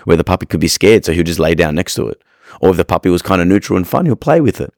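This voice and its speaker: A man's voice: deep voice, lively intonation, fast talker, darkish tone, no echo, clean studio sound. A man hosting a podcast, giving frank, rambling advice on dog training and restarting his sentences often. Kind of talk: casual advice monologue.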